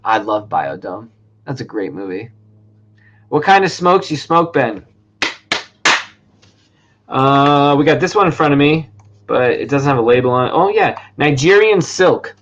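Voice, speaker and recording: A man's voice: mid-range voice, lively intonation, a little slow, long pauses, a bit bright, muffled recording. A man hosting a casual livestream chat, rambling and joking with frequent swearing. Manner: rambling, profane, jokey. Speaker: podcast host.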